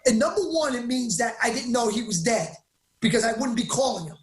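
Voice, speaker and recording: With a very high voice and a fairly quick pace, this interview guest recounts his story emphatically and with excitement, often stopping himself partway through a sentence. The room is reverberant.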